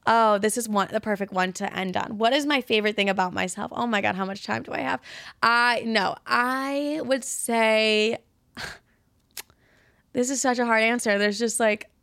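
A woman's voice: on the high side, unhurried, fairly bright tone, no echo. Young woman, podcast host, casual and profane, slightly winded, dry close recording. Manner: candid, profane, chatty, self-deprecating. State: slightly out of breath. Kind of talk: casual solo podcast chat.

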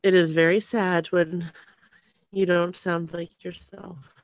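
This podcast co-host has a lowish, level voice and speaks slowly, chatting casually with frequent restarts. She comes through dry over a remote call on a glitchy internet connection.

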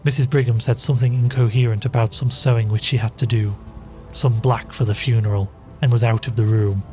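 A man narrating a classic ghost story in a measured storytelling manner. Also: mid-range voice.

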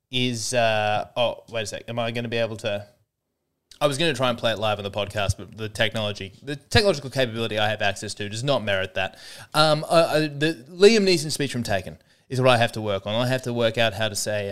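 A young man riffing through a solo comedy podcast in a wry, self-mocking ramble. His voice is smooth and clean, with a middle pitch. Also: a little fast. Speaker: podcast host.

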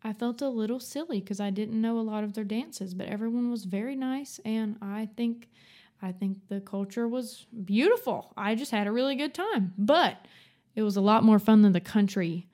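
A woman's voice: a little high, darkish tone. A woman, co-hosting a casual, rambling book podcast and laughing often. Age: 20s. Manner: chatty, rambling, quick to laugh. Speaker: podcast co-host. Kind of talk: casual book-club chat.

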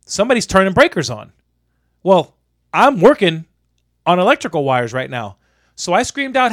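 A man, an electrician, casually telling a work story on a podcast, animated and exasperated, swearing freely. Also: high-pitched, normal speed.

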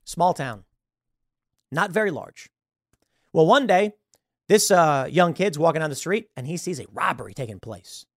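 A man hosting political commentary, talking in an animated and scornful way. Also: fairly high pitch, moderate pace, long pauses, no room sound, studio quality. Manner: animated, acts out quoted voices, scornful. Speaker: show host.

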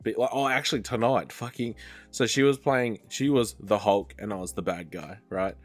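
A man's voice: on the low side, normal speed, soft background music. A man, co-hosting a casual podcast, telling stories with acted-out quotes, frequent laughter and swearing. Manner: animated storyteller, acts out quotes, laughs often, swears. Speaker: podcast co-host. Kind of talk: casual chat.

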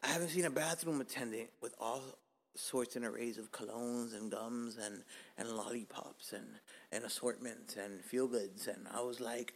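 A young man, hosting a casual podcast and telling a profane, animated story, acting out his own lines with whispers and yelps. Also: medium pitch, normal speed. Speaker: podcast host.

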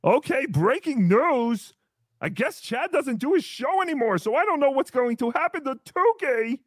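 A man's voice: very high voice, animated, no echo, studio quality. A man doing a sing-song childlike show host. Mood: bewildered. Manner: sing-song, overly sweet, drawn-out. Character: cheery childish puppet-like host character. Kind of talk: comedic character livestream.

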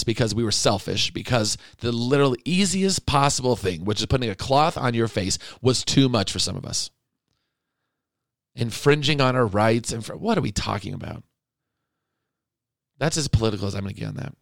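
A man's voice: medium pitch, expressive, moderate pace, gravelly, no echo, clean studio sound. Impassioned man pleading on a podcast. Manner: indignant, emotional, pleading. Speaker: podcast host. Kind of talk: impassioned monologue.

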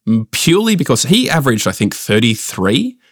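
A man's voice: medium pitch, sing-song, brisk, dry recording, studio quality. A man co-hosting a casual cricket podcast, opinionated and launching into rants. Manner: opinionated, ranting. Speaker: podcast co-host.

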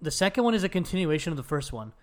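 Man on a podcast, fairly high voice, swears a lot, animated retelling. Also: rapid-fire. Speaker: podcast co-host. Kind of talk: casual podcast chat.

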